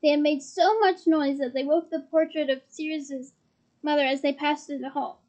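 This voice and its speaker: A woman's voice: high voice, fairly even intonation, moderate pace, a little mellow, low-quality recording. A woman reading a fantasy novel aloud, narrating steadily and with expression. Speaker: reader.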